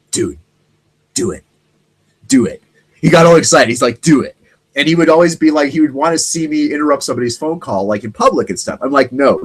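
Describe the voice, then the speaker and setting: A man hosting a casual solo talk show, rambling and animated, now and then mimicking other people's voices. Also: mid-range voice, poor audio. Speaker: podcast host.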